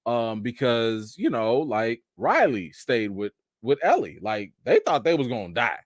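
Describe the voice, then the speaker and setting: Animated man chatting casually. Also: medium pitch, a little slow, dry recording, studio quality. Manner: animated, joking, loose slangy talk. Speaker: TV show reaction host. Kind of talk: casual live-stream chat.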